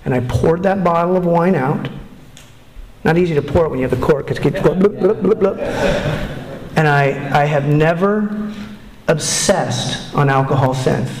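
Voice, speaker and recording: There's crowd noise and room echo as a middle-aged man with a slightly high voice speaks at a recovery meeting. His testimony is candid and earnest but halting, with many restarted sentences.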